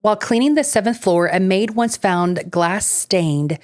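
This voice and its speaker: A woman's voice: medium pitch, expressive, unhurried, darkish tone. A woman co-hosting a casual podcast, chatting with lots of fillers and slipping into reading ghost-story notes. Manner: chatty, filler-heavy, laughs easily. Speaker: podcast co-host. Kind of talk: casual chat.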